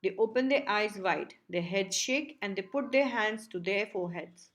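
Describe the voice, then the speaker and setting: A woman reading the stage directions of a play as an audiobook narrator, clear and even. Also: medium pitch, moderate pace.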